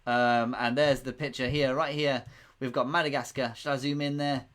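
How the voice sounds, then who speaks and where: A man's voice: mid-range voice, level tone, moderate pace, a bit bright. A man hosting a casual live quiz stream, chatty and rambling, often laughing. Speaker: quiz host.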